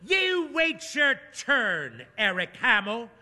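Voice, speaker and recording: A man's voice: high voice, big pitch swings, takes it slowly, bright, forceful tone, in a large hall, voice pushed up, full character voice. Man doing Mabel, a gushing old lady.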